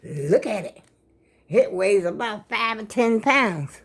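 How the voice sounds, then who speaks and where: A woman's voice: medium pitch, animated, slow pace, slightly rough. An older woman, chatting casually to her viewers in a rambling way, a bit out of breath. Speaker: vlogger. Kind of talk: casual vlog chat.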